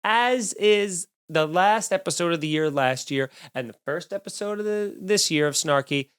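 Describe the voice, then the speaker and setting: Young male comic host, self-deprecating rant style, clear resonant voice. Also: high voice, moderate pace, a bit bright. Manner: sarcastic, rambling, self-deprecating. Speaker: comedian podcast host. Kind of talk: solo comedic rant. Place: home studio, drinking while recording.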